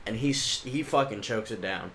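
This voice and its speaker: A man co-hosting a podcast, chiming in with expressive, profane jokes and lots of laughter. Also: fairly low pitch, normal speed, heavy background noise. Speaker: podcast co-host. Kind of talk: casual chat.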